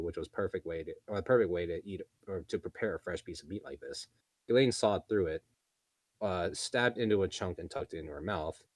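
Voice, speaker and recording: Low, husky male novel reader. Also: dry recording. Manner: steady reading with small slips and self-corrections. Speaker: narrator. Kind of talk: reading a light novel aloud.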